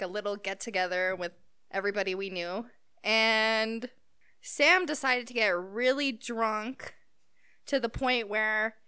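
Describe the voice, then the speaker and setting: A young woman with a bright, crisp voice chats easily with a friend. She sits a little high in pitch and keeps her tone relaxed as she starts her own story. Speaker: co-host. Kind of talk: casual storytelling chat.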